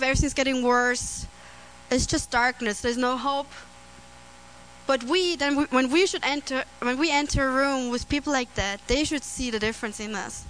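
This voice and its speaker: A woman preaching a sermon on scripture, earnest and prone to restarts and soft laughter. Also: sits high, a little hiss or hum, rough recording.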